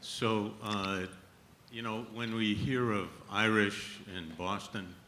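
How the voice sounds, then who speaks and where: Male audience questioner, hesitant, bright voice in an echoey hall. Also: on the low side, fairly even intonation, slow pace, slight background noise. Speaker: audience member. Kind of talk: asking a question from the floor. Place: auditorium. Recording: roomy hall, from a floor mic.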